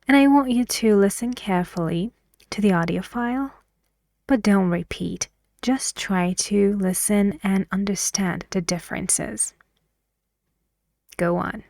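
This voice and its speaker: Woman, english teacher, slow and careful, exaggerated intonation, dry close sound. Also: medium pitch, gravelly, a little mellow, no room sound. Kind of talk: pronunciation lesson.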